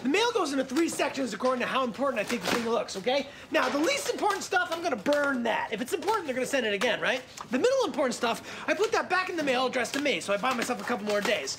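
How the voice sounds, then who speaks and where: Frantic sitcom mailroom guy, high voice, wildly swinging pitch, manic rant. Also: sing-song, fast talker, hardly any pauses, background noise, full character voice. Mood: rambling. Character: frantic paranoid male mailroom clerk. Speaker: mailroom worker. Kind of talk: sitcom acting.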